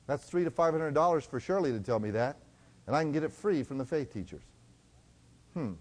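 A male preacher with a mid-range voice delivers a sermon, moving between loud exhortation and hushed tones. He slows down whenever he reads scripture.

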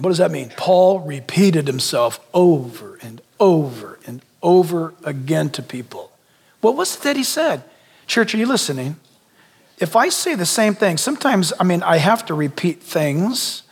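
A man's voice: on the high side, very animated, a little slow, husky. A male pastor preaching a sermon, emphatic, repeating phrases and asking rhetorical questions of the congregation. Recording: long hall reverb.

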